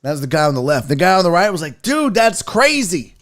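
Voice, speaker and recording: A man's voice: on the high side, racing. A man hosting a casual sports talk show, rambling and joking with frequent profanity. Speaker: host.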